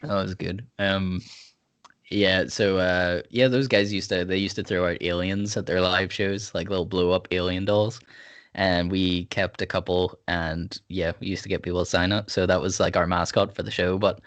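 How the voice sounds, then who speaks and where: Brief: relaxed male podcast host, lowish voice, rambling casual chat with lots of fillers. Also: moderate pace. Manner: rambling, laid-back, many fillers. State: sipping whiskey.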